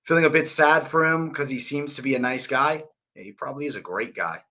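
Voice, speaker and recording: Brief: young male host, bright tense tone, loose profane chat about fight picks. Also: mid-range voice, brisk. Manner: casual, profane, slangy. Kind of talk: live fight betting breakdown.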